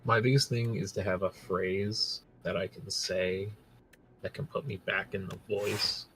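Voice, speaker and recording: A man's voice: low voice, little pitch movement, unhurried, fairly bright tone, a little hiss or hum, rough recording. A man chatting matter-of-factly as a player in a tabletop game. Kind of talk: casual chat.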